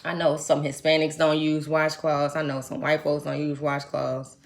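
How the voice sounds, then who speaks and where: A young adult woman from the United States chatting casually to her viewers, telling a trip story in animated, slangy talk. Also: deep voice, moderate pace, creaky. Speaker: vlogger. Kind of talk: casual chat to camera.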